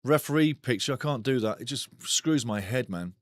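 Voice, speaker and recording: A man hosting a live football watchalong, calling the match excitedly and reading chat messages aloud. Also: mid-range voice, moderate pace, dry recording, clean studio sound. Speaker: watchalong host. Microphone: studio mic.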